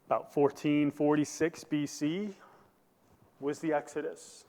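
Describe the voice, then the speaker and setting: A man's voice: a little high, little pitch movement, measured pace, a little mellow, long reverb tail. A male pastor preaching a sermon, building to emphatic bursts and asking the congregation questions. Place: church sanctuary.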